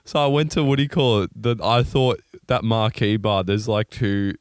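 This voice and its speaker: A man's voice: fairly low pitch, steady tone, normal speed, no room sound, clean studio sound. A young man telling rambling, swear-heavy stories in casual chat with mates.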